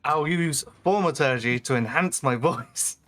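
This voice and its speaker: A man playing in a tabletop game, animated in his speech and restarting his sentences. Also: a little high, unhurried. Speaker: player.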